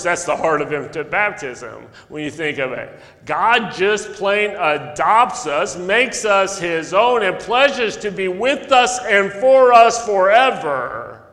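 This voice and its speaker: A male pastor preaching a sermon, telling stories earnestly, with sudden loud emphasis and soft drops. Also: high voice. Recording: long echo of a large hall.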